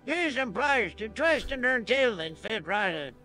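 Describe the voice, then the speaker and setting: A synthetic male voice plays a folksy backwoods handyman who drawls slowly and rambles in garbled country talk. The voice sits high and bright and leaps all over its range. Faint music hums under it. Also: sing-song, heavily acted. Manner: slow, garbled country speech. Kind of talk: synthetic game character voice.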